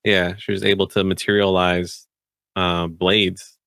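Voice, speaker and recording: A man's voice: low-pitched, level tone, a little slow, vocal fry, bright, forceful tone, no echo, studio quality. A man who is a tabletop game player, chatting casually about the campaign, rambling with many fillers and restarts.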